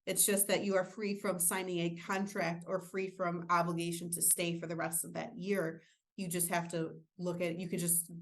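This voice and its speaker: A woman with a slightly low voice leads an insurance training webinar. She explains enrollment rules in a relaxed, casual way, dropping in fillers and self-deprecating jokes. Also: gravelly.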